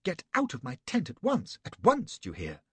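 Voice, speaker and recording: Man voicing a shrill, scandalised young lady. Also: huge pitch swings, moderate pace, fairly bright tone, husky, no room sound, exaggerated voice. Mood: indignant. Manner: shrill falsetto, indignant whispering. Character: young woman, prim, easily scandalised.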